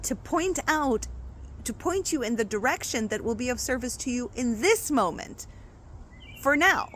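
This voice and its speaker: A woman spiritual coach talking casually to her viewers in an expressive, chatty way, often checking in with "right?". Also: on the high side, a little hiss or hum. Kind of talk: casual spiritual talk to camera.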